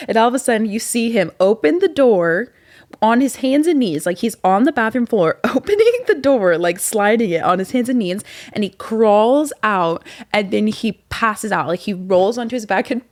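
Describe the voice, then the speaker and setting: A woman in her twenties hosting her own podcast, telling a casual story with lots of fillers and getting animated when she retells scenes. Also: on the low side. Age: 20s. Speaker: podcast host.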